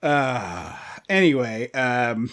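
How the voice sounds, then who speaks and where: A man's voice: medium pitch, big pitch swings, very slow, a bit bright. A man co-hosting a casual podcast chat, joking and laughing often as he talks. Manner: joking, laughs often, slips into silly put-on voices. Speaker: podcast co-host.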